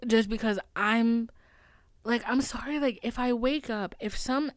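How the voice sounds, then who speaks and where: Young woman host, somewhat high voice, profane and rambling, dry close sound. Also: no room sound. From United States. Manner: profane, rambling, fast-talking, laughs to cope. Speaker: podcast host. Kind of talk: casual confessional monologue.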